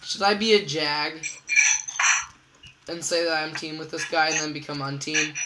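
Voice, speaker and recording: A man casually commentating his own gameplay as host, excitable and repeating catchphrases in a singsong. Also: on the high side, moderate pace, heavy background noise. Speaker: gamer host.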